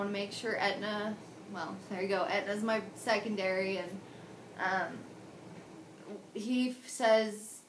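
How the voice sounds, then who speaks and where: A woman's voice: medium pitch, echoey room, background noise. A woman in her twenties telling her own story in a personal video diary, candid and emotional, rambling with many restarts. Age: 20s. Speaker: patient sharing her surgery story.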